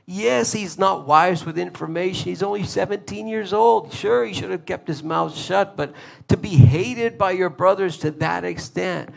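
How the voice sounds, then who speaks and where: A male preacher giving an earnest, emphatic sermon, often repeating himself and pausing on fillers. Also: sits high, gravelly.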